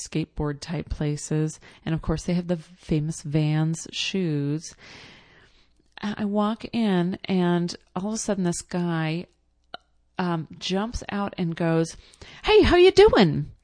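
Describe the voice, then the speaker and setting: A woman's voice: on the low side, a little mellow, no echo, studio quality. A woman telling a casual personal anecdote in a chatty way, full of fillers and blunt asides.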